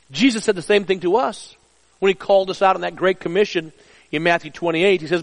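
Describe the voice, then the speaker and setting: Middle-aged man, pastor type, earnest sermon style, high pitch, hall reverb. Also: brisk. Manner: earnest preaching, drops soft and low for personal stories.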